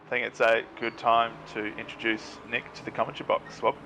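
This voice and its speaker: A man's voice: mid-range voice, little pitch movement, brisk, bright, forceful tone, slight background noise, low-quality recording. A man co-commentating a sim race, making brief analytical remarks.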